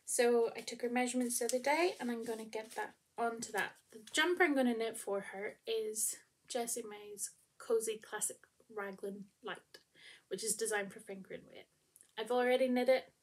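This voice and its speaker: A woman's voice: a little high, moderate pace, slightly rough. A young woman, hosting her knitting podcast in a chatty, rambling way with lots of ums, seated at home. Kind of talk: casual chat to camera.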